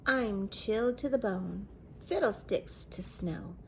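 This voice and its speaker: A woman's voice: mid-range voice, slow pace, a little mellow, a little hiss or hum. A woman voicing a grumpy, easily flustered old grandfather in a children's storybook, grumbling and exclaiming.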